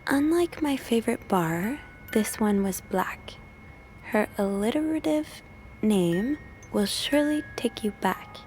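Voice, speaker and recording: A woman voicing a young female investigator in whispered role-play, hushed and wry as she mutters to herself, with game music behind. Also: a little high, lively intonation, slow pace, slight background noise.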